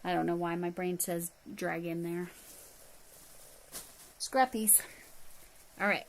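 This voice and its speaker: A middle-aged woman hosts a casual livestream, chatting, reading viewer comments aloud, and handling yarn as she talks. Her voice is on the low side with fairly even intonation, and she takes it slowly. The recording is low quality with slight background noise.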